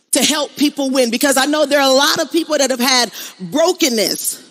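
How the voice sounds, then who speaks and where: This is a high, slightly bright female voice belonging to a middle-aged motivational speaker on an event stage. She hammers her points home, repeating lines, preaching and calling out to the crowd.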